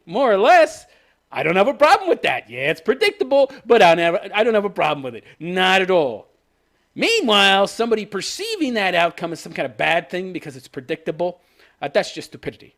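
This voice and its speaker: A man's voice: on the high side, fairly bright tone. A man ranting sarcastically about a TV episode, laughing as he reviews it. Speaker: show reviewer.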